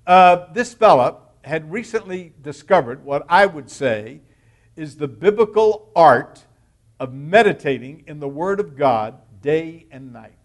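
Male pastor, sermon delivery; high, animated pitch, deliberate slow pacing. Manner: expressive preaching, slow and emphatic with sudden quick asides.

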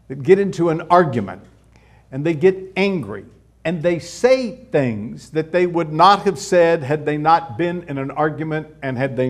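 This middle-aged pastor has a fairly high-pitched voice and preaches conversationally. He asks rhetorical questions and sometimes drops suddenly soft.

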